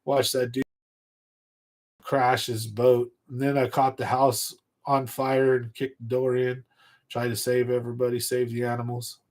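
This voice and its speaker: A man hosting a fishing livestream, casually telling a rambling story from his youth in an animated way and laughing at it. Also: mid-range voice, measured pace. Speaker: fishing channel livestream host.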